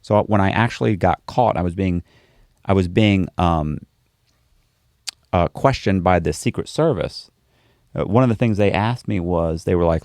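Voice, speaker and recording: A man with a low, gravelly voice tells his story in a relaxed interview. He animates it by doing the voices of the people in it. The sound is close and dry, with no room around it. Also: fairly quick, no room sound. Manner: animated storyteller, acts out quoted dialogue. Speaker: interview guest.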